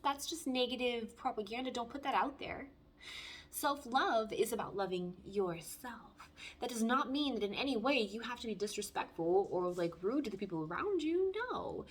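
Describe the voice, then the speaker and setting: A woman's voice: on the high side, fairly bright tone, slightly rough. A woman giving a casual spoken tarot reading, talking in a frank, blunt and heartfelt way. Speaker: tarot reader.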